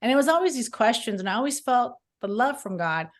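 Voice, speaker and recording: A woman's voice: on the high side, expressive, quick pace. Earnest rambling woman telling her story. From Southern California. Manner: earnest, rambling, many restarts and fillers. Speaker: author guest. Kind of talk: personal testimony in an interview.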